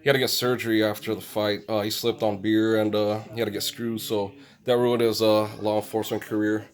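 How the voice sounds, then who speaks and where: A rambling man from Phoenix, talking to a camera he has set up at home. His voice sits a little low, and he drifts from one story to the next, swearing casually along the way. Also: little pitch movement, brisk. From Phoenix, Arizona. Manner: rambling and digressive, swears freely. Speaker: vlogger touring his house. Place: indoors at home. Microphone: own camera set up in the room.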